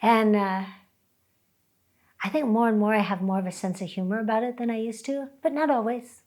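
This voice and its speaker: A woman who teaches chanting, talking reflectively and softly, now and then breaking into chant. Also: fairly high pitch, a little fast. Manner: soft-spoken, breaks into sung chant.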